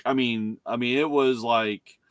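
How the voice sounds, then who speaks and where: A man's voice: medium pitch, fairly even intonation, unhurried, smooth, no echo. A man co-hosting a casual chat, rambling through anecdotes with many restarts and quoted dialogue. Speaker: co-host. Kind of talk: casual car-hobby chat.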